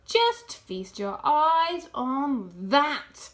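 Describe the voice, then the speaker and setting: Storybook fox father, high and lively, voiced by a woman, puffed up and pleased. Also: a little slow. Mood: gleeful. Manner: grand, relish-filled, commanding. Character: proud, showy adult male fox, head of family.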